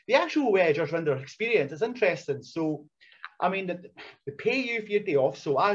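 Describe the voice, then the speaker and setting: Husky guy talking fast, swearing lots, muffled lo-fi audio. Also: fairly high pitch. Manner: animated, swears freely, many restarts. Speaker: wrestler and coach, podcast guest. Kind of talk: casual storytelling chat. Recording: muffled lo-fi sound.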